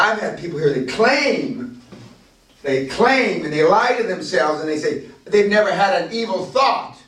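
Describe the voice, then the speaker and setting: A man leading a business seminar, talking bluntly and profanely and building to loud, emphatic bursts. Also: fairly high pitch. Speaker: seminar leader. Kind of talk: profane motivational seminar talk. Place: castle seminar room. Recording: echoey room, voice from far off.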